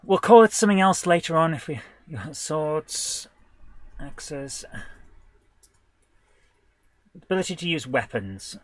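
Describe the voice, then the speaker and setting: A man designing a tabletop game live, thinking aloud in a hesitant, halting way, stopping and correcting himself, with bursts of excitement when an idea lands. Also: a little high, no echo. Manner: hesitant, halting, full of restarts and self-corrections. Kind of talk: thinking aloud while working.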